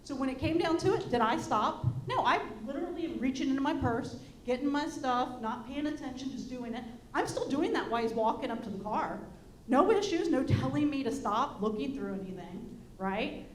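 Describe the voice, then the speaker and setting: A woman's voice: high voice, expressive, fairly quick. A woman telling a personal story in a chatty way and putting questions to the audience. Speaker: panel speaker. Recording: echoey room with faint hum.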